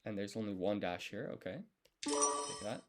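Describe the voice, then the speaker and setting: A man studying on a live stream, thinking aloud and correcting himself as he works through each character in a relaxed, casual way. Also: lowish voice, normal speed, faint music behind. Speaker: language learner streaming his study.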